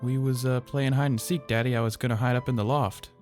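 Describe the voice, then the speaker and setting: A man voicing a small, curious boy with a Southern accent who talks in a timid, halting country drawl. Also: medium pitch, steady tone, darkish tone, faint music behind, voice pushed up, lightly acted. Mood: pleading. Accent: American Southern.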